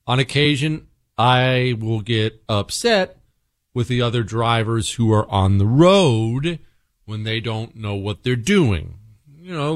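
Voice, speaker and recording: A middle-aged man hosting a talk radio show, telling stories in an animated, emphatic way with self-mocking asides. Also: mid-range voice.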